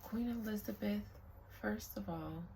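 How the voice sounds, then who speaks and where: A woman reads tarot outside and speaks at an unhurried, drawn-out pace. Her voice has a gravelly, fried edge, and her halting delivery sinks into hushed calls to the spirits. A faint hiss sits under her voice. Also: medium pitch. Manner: slow, halting, hushed invocations. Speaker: tarot reader. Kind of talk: casual spiritual reading. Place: outdoors.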